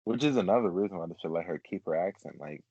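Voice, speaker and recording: Deep-voiced man in rambling chat. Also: lively intonation, quick pace, dark tone, husky, dry recording, dull audio. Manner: rambling, filler-heavy, laughs often. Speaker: podcast host. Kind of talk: casual chat.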